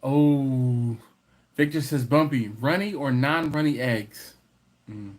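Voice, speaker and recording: A man's voice: mid-range voice, slow pace. A man hosting a casual livestream, reading viewer comments and teasing the chat. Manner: playful, teasing, banters with chat. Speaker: livestream host.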